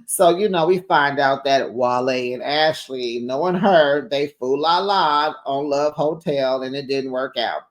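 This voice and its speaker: A woman hosting a casual recap, gossiping in a lively way, calling listeners honey and child, laughing often and acting out what others said. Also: very deep voice, normal speed. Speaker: recap host.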